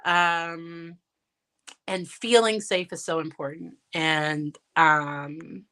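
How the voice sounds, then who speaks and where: A woman's voice: fairly low pitch, steady tone, extremely slow, fairly bright tone. A woman psychologist talking casually in a livestream Q&A, chatty and candid, laughing often and restarting sentences, recorded on her phone. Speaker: licensed psychologist and parent.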